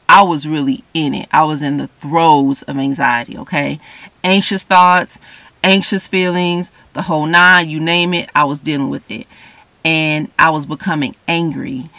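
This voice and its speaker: A man delivers an informal sermon in a bright, somewhat high voice, reading scripture and then explaining it. He keeps checking in with listeners with a frequent "okay?" and grows louder and higher when he presses a point. The sound is close and dry. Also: creaky, no room sound. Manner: repeats "okay?" often, rereads passages slowly; earnest, rises in pitch and volume when emphatic. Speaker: preacher.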